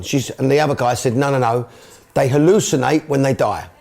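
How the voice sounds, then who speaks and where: A man's voice: medium pitch, brisk, a little mellow. A middle-aged man from England, a football club owner and manager, speaking emotionally and repeating himself in a candid documentary interview.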